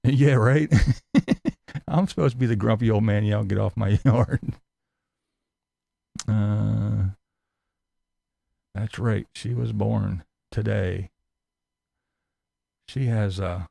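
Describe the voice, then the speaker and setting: A man's voice: fairly low pitch, creaky, mellow, dry recording. A man hosting a live-stream commentary, sarcastic and mocking, swearing freely and laughing often as he rants and answers chat. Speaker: YouTube commentary host reading live chat.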